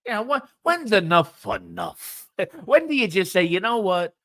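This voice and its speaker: Loud ranting man, bright voice. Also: high-pitched, big pitch swings, a little slow. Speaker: guest, host's husband. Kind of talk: casual profane rant on a live stream.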